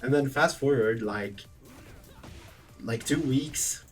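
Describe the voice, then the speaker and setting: Young man, casual storytelling vlog, profane and rambling, mid-pitched, distant mic with faint music. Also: takes it slowly, long pauses. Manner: animated, profane, rambling with self-corrections. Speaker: vlogger.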